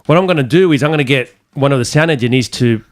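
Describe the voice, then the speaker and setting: A man's voice: mid-range voice, quick pace. Cheerful male podcast host. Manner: cheerful, laughs often. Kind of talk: casual chat. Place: studio.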